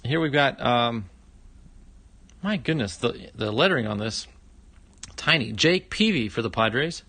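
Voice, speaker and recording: A man's voice: mid-range voice, lively intonation, a little slow, sharp tone, slightly rough, no room sound. A middle-aged man hosting a casual livestream, opening fan mail, chatty and exclaiming often.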